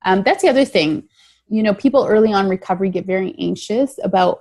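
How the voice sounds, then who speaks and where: A middle-aged woman, a guest in an interview, reflects on her recovery story in an earnest, emphatic way, often repeating key phrases. Her mid-range voice is fast with a darkish tone. There's no room sound.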